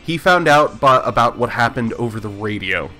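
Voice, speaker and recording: A man's voice: medium pitch, lively intonation, normal speed, pushed and bright. A man running a live tabletop game stream as game master, chatty and self-mocking.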